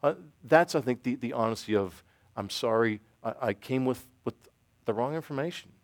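A middle-aged man giving an informal church talk with audience questions, self-deprecating and halting, with many restarts. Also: mid-range voice, no echo. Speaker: church teacher. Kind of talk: informal sermon with Q&A.

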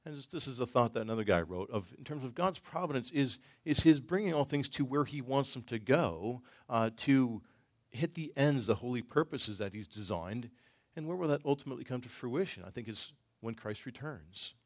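Halting, thoughtful male Bible class teacher. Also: mid-range voice, animated. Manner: thoughtful, halting, with frequent ums and restarts. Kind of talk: teaching a church class with discussion.

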